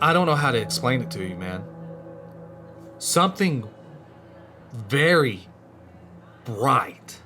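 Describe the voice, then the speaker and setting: A man's voice: medium pitch, slight background noise. A man telling a true scary story in a casual, rambling way, his voice rising and dropping for suspense. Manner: animated, rambling, voice rises and drops with suspense.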